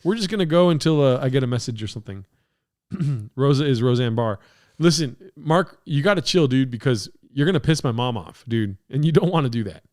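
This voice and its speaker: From a home apartment studio, a man hosts a podcast livestream on a podcast mixer setup, reading chat comments. He rambles, swears and laughs a lot. His medium-pitched, darkish voice is animated and fairly quick.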